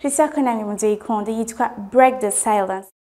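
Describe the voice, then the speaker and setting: A woman's voice: on the high side, brisk, warm tone. A woman host gives an earnest, emphatic motivational talk and repeats key words for stress. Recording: music playing underneath. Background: music.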